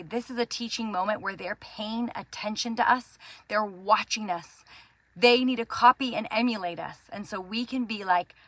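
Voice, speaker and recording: Bright earnest Christian mom host. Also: female voice, medium pitch, dry recording. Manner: earnest, gentle, encouraging. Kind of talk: devotional talk to camera.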